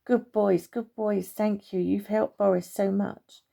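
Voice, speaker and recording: A woman's voice: mid-range voice, steady tone, unhurried, creaky, dark tone. Woman doing a kindly, wise old tree.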